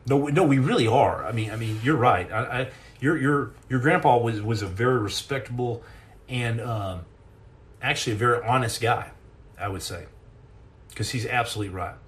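A man's voice: medium pitch, normal speed. A middle-aged man hosting a casual live chat and answering questions, telling rambling, jokey stories with many restarts and repeated words.

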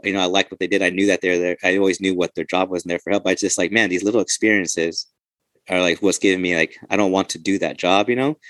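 Fast-talking cop telling stories. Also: male voice, low voice, no echo. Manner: loose, profane storytelling. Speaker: podcast host, police officer. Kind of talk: casual chat.

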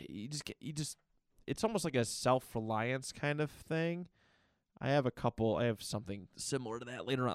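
A podcast host delivers a casual personal monologue, speaking candidly and reflectively about his own life while rambling with many restarts and fillers. His mid-range voice has vocal fry. The recording is studio quality with no room sound.

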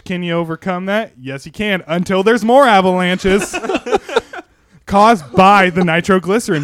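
A man's voice: on the high side, fairly bright tone, dry recording. A young man recapping a movie plot in casual chat, sarcastic and rambling, laughing often. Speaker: podcast panelist pitching a movie.

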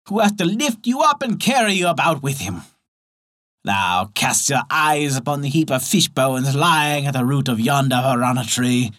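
A man's voice: mid-range voice, a bit bright, no echo, clean studio sound. A man voicing a cruel, scheming crane in a read-aloud folktale, coaxing and mocking in turn. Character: scheming cruel crane, sly then pleading.

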